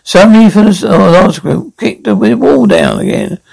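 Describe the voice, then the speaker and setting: A woman's voice: medium pitch, huge pitch swings, moderate pace, creaky, darkish tone, heavily acted, low-quality recording. A woman playing a cheeky, foul-mouthed elderly grandmother who mocks and nicknames everyone in a comedy sketch. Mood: mocking. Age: older. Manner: mocking, name-calling, interrupting.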